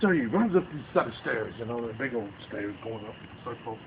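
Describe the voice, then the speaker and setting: Gathered with family by a bonfire at night, a man spins an animated ghost story, his medium-pitched voice moving fast. He plays up the characters' panicked lines with real energy, captured on tinny, noisy home video.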